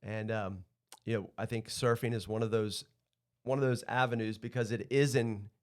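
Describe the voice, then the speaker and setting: A man's voice: lowish voice, fairly even intonation, normal speed. A man who runs a surf school, a podcast guest talking casually and reflectively, often restarting his sentences. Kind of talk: casual conversation.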